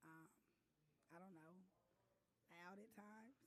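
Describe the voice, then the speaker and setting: A woman's voice: lowish voice, slow. A woman podcast host in casual chat, talking in an emphatic, preachy way with an authoritative voice that can turn harsh.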